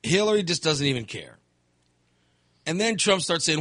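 A man with a fairly high, bright voice launches into a casual political rant. He sighs, swears and slips into mocking impressions of the people he is talking about. The sound is close and dry, with no room around it. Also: normal speed, no echo. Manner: animated, mocking quotes of others, swears, sighs.

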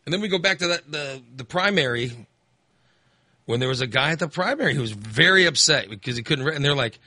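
A man's voice: medium pitch, lively intonation, brisk, sharp tone, no room sound. A man hosting a call-in radio chat, rambling and acting out angry voters. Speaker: radio host.

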